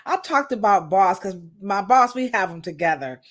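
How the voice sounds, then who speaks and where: A woman's voice: medium pitch, animated, moderate pace. A woman in her thirties hosting a live podcast, chatting playfully and greeting viewers in the chat. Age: 30s. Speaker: podcast host. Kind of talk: casual livestream chat.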